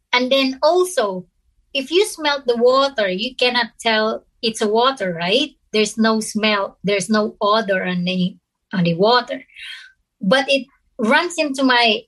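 Woman guest, a bit high-pitched, tells her story haltingly and earnestly. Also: fairly bright tone, poor audio. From Philippines. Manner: halting, earnest, with frequent pauses and restarts. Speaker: interview guest. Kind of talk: personal storytelling.

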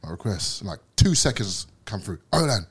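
A man's voice: medium pitch, expressive, fast. A young man from England, a podcast guest, telling a story in casual chat, swearing a lot and acting out quotes.

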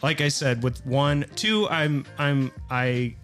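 A man at an average pitch, talking casually on a podcast. He reads dates and facts in a relaxed way and chuckles now and then. Faint music plays underneath. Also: slow. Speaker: podcast co-host. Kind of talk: casual chat, reading game history notes.

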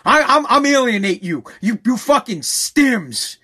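High, bright, yelling podcast ranter man. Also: normal speed, hardly any pauses. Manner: yelling, profane, aggressive; repetitive, emphatic phrasing. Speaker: podcast host. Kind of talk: angry podcast rant.

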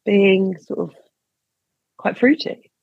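A woman co-hosting a comedy podcast, firing off quick teasing questions and laughing often in casual chat. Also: mid-range voice, creaky, slightly rough, no room sound, phone-quality sound. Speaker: podcast co-host.

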